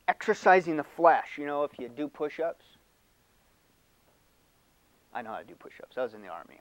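An older man preaching a sermon in an animated, conversational way, laughing and acting out mock voices. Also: fairly high pitch, fast talker, few pauses, no echo, rough recording. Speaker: pastor.

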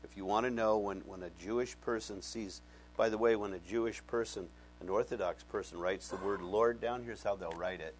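A man preaching a Bible-teaching sermon, animated and conversational, often asking his congregation questions. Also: fairly low pitch, moderate pace, faint music behind. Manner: conversational, folksy. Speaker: pastor.

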